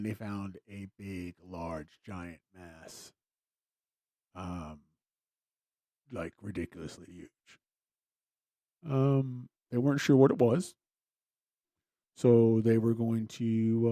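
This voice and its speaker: A podcast host with a lowish, warm voice tells a personal story casually and ramblingly, full of fillers and restarts. His humor is wry and self-deprecating, and the recording is dry.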